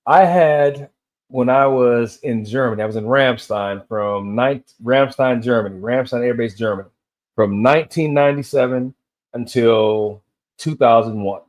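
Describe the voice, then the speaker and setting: A man's voice: mid-range voice, a little slow. A man in his fifties from Tennessee, rambling through a solo rant and telling loose stories that drift between tangents. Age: 50s. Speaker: vlogger.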